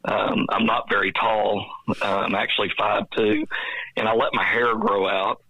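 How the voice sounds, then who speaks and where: A man's voice: fairly low pitch, flat delivery, normal speed, slightly rough, dry recording, lo-fi sound. A Texan man in his fifties, a nonprofit executive director, earnestly telling his life story in a podcast interview. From Dallas, Texas. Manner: earnest, reflective storyteller who acts out past dialogue.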